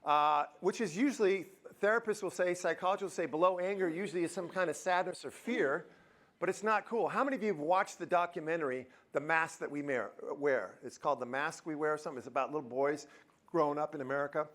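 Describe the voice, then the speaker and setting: A man's voice: on the high side, fast talker. A man giving a live motivational talk in a university auditorium, joking and quizzing the audience. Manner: lively, jokey, quizzes the crowd. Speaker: motivational speaker.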